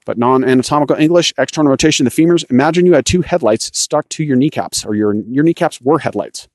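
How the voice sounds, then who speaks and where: A man with a mid-range voice talks quickly through cycling technique for his coaching podcast, loosely and with self-corrections. He's out walking a rocky trail during this instructional monologue, and the sound is dry.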